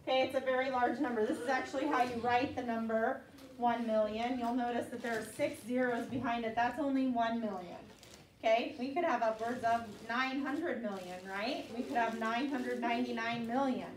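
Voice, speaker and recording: A slightly high-voiced woman speaks at a moderate pace over slight background noise. The recording catches her from afar in an echoey room as she, an elementary school teacher, patiently runs a classroom of children through vocabulary in call-and-response, repeating words often.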